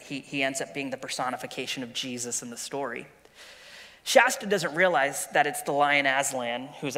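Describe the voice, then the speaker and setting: Guy preaching, kinda high voice, earnest storyteller, big reverby hall, guitar playing. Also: sharp tone. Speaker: pastor. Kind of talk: sermon with read-aloud story.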